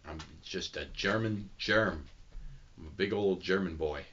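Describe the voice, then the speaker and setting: A man's voice: low voice, a little slow, a bit bright, slight background noise. A man co-hosting a casual comedic podcast chat, joking around and laughing often. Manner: joking, laughs often, slips into mock voices. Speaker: podcast co-host. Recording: dull lo-fi audio.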